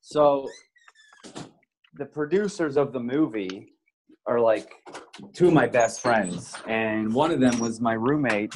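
A man guest on a podcast, telling a story in a self-deprecating way, swearing freely and getting animated as he goes. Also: medium pitch, slow pace, pauses often, slight background noise, rough recording. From Canada. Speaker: guest actor.

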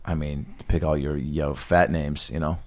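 A man's voice: a bass voice, little pitch movement, normal speed. A man co-hosting a casual, comedic chat and telling jokey, profane stories about his childhood and people he met.

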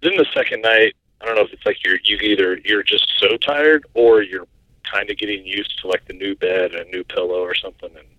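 A man's voice: lowish voice, fairly quick, no echo, lo-fi sound. A man from Iowa co-hosting a podcast over a remote line, telling stories in an easygoing way. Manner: easygoing, storytelling. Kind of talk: casual podcast chat.

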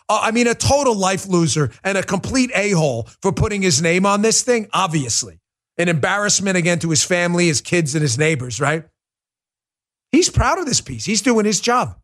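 Middle-aged male talk host, high-pitched, forceful ranting monologue style. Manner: forceful, ranting, emphatic repetition. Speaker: political talk show host. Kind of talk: heated political monologue.

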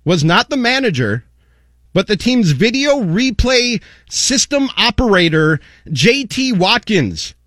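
High-voiced man in a furious rant. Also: sing-song, slow pace, fairly bright tone, no echo, studio quality. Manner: angry, sarcastic, repeatedly addressing an absent target. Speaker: sports radio host. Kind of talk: heated sports talk rant.

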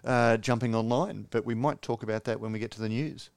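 An Australian man co-hosts a podcast from his home studio in a mid-range voice. He talks casually, halting on fillers and laughing easily. The recording is close and dry. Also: mid-range voice, steady tone, smooth, no echo. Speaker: podcast co-host. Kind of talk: casual chat.

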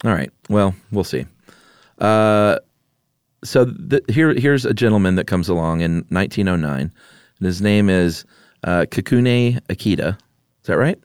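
A laid-back man with a fairly low voice, co-hosting a podcast and chatting casually. He laughs easily and keeps it loose. The recording is dry and close. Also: unhurried, long pauses, smooth, no echo. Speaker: podcast co-host. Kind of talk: casual chat.

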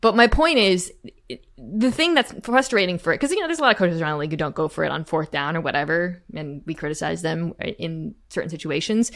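A woman hosting a sports podcast in casual chat, animated and rambling, spinning playful analogies. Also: sits low, quick pace. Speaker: podcast host.

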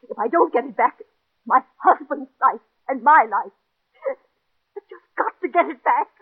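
A desperate, jealous wife in an old radio play who begs breathlessly and in an overwrought way. Her voice is very high and husky, and it comes through a tinny, narrow broadcast sound. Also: lively intonation, unhurried, full character voice. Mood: anxious. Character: distraught jealous middle-aged wife, neurotic. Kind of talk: 1940s radio acting.

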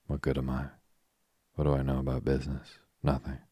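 A man's voice: very deep voice, completely flat delivery, a little fast, mellow, dry recording, clean studio sound. A man reading the lines of a rueful young ex-soldier who is out of work, glum and self-deprecating. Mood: gloomy.

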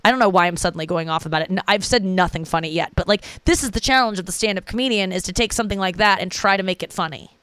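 Young woman comedian rambling on her own podcast, swears a lot, keeps restarting, crisp dry sound. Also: mid-range voice, rapid-fire, hardly any pauses, fairly bright tone, dry recording. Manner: rambling, profane, self-interrupting. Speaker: stand-up comedian and podcast host. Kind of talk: casual solo podcast monologue.

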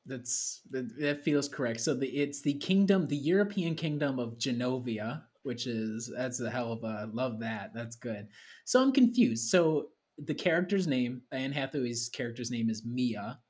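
A man co-hosting a podcast in an easy, conversational way, often restarting his sentences. His voice has a light husky edge at a middle pitch. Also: expressive, moderate pace, darkish tone. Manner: conversational, repeats words when starting. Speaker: podcast co-host. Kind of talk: casual chat.

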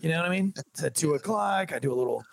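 A man who is a police officer, telling a story on a podcast in a casual, animated and joking way. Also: on the high side, rapid-fire, gravelly, no echo. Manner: animated, jokey storyteller, acts out dialogue.

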